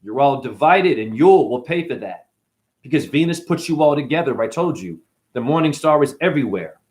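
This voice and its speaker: A man delivers freestyle spoken-word rhymes, chaining puns in a restless stream-of-consciousness flow. His delivery lurches from low, quiet mutters to abrupt high-pitched bursts, his voice sitting at an ordinary male pitch in between. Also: animated, moderate pace.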